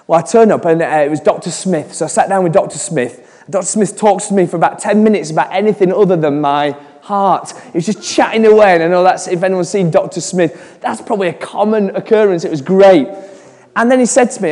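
A man's voice: high voice, lively intonation, brisk, darkish tone, big-room sound. A man in his forties giving a chatty sermon, telling stories with frequent restarts. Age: 40s. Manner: chatty storytelling with repeated restarts. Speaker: preacher.

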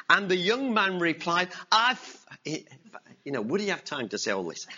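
A man preaching a sermon as pastor, telling stories with animated acted-out voices and asking the congregation to respond. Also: sits high, measured pace, slightly rough, highs cut off. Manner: animated storyteller, acts out voices. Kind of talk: sermon with story and call-and-response.

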